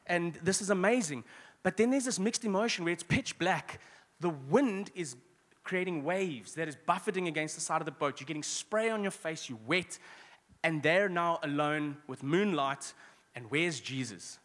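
Guy preaching, slightly high voice, echoey church hall, chatty asides. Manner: lively, conversational preaching with quick asides and restarts. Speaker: pastor. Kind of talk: sermon.

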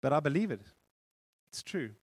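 A male pastor preaching a sermon in a church hall, telling a story with animated repetition. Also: a little high, slightly rough. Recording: long reverb of a church hall.

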